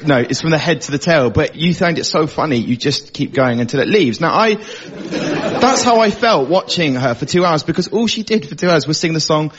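A young man doing a casual, animated stand-up routine as an up-and-coming comedian. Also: on the high side, normal speed. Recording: muffled radio recording.

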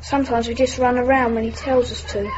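A young actor playing a timid, frightened schoolboy who is being bullied. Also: female voice, a little high, flat delivery, fast, darkish tone, muffled recording, a little hiss or hum, natural voice. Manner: timid, hesitant.

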